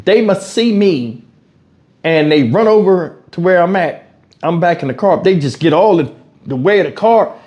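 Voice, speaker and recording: A man's voice: sits high, moderate pace, highs cut off. A man from Houston telling a story in a casual vlog, acting out what people said and swearing freely, recorded at home on a lapel mic. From Houston, Texas. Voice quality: animated storyteller, acts out quotes, swears freely. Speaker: YouTube commentator. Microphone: wireless lavalier mic.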